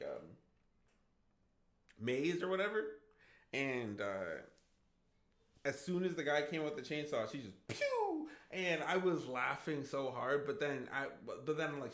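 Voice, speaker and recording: A man's voice: fairly high pitch, reverberant. A man in his thirties, a gaming streamer, telling a long rambling story in casual livestream chat, often restarting his sentences. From Idaho, USA.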